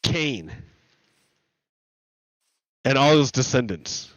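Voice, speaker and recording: A man's voice: medium pitch, lively intonation, very slow, dry recording, muffled recording. A man streaming, retelling stories in a rambling, profane way full of restarts. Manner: rambling, profane, self-correcting. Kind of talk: casual rambling storytelling.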